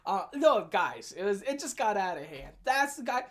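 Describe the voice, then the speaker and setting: A woman tells a storytime rant straight to her viewers. She is animated and profane, swinging into loud, laughing shouts. Her pitch sits at an ordinary middle height. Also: normal speed. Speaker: vlogger.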